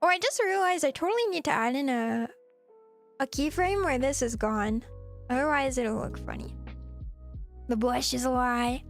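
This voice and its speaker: A woman's voice: sits high, expressive, unhurried. A woman streaming as a VTuber, chatting casually and playfully with viewers and giggling often. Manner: playful and giggly, cutesy teasing. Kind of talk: casual live-stream chat. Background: faint background music.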